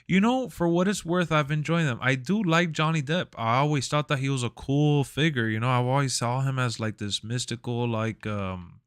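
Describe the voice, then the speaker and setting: A relaxed male streamer chatting casually on a live stream, rambling along in slangy talk. His voice is smooth and clear at a middle pitch, and the sound is dry and close to the mic. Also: moderate pace, few pauses, no echo.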